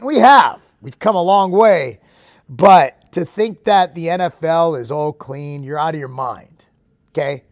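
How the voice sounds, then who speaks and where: Man High-pitched, emphatic fitness show host. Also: creaky, no echo, studio quality. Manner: emphatic and excitable, talks straight to viewers. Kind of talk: casual opinion talk to camera.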